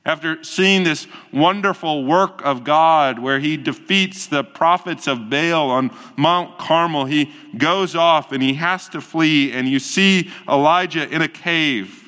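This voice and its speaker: A man preaching a sermon as a pastor, slow and earnest, with pauses between phrases. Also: a little high, sharp tone, long reverb tail.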